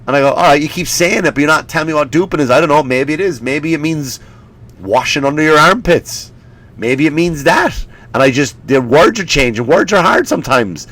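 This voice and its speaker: Brisk and fairly high-pitched, this comedy podcast host in his forties delivers a profane, animated rant. He does mocking impressions and sounds slightly sniffly.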